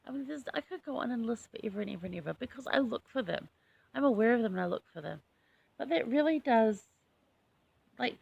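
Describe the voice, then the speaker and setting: Gravelly New woman, chatty scripture talk. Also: a little high. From New Zealand. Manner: chatty and enthusiastic, personal asides. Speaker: host. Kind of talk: casual scripture study chat.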